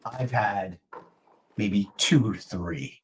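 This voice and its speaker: A man co-hosting a podcast who speaks in a measured way and leads with questions. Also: lowish voice, a little hiss or hum. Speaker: podcast co-host. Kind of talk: casual podcast chat.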